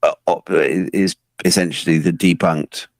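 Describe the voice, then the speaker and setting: A man's voice: sits low, fairly even intonation, a little slow, no echo. A man co-hosting a casual podcast, presenting his research with frequent ums and restarts. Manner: hesitant, many ums and restarts.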